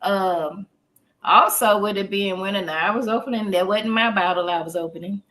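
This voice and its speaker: A woman's voice: mid-range voice, moderate pace, bright, forceful tone. A woman therapist talking casually on a podcast, explaining things in an earthy, joking way.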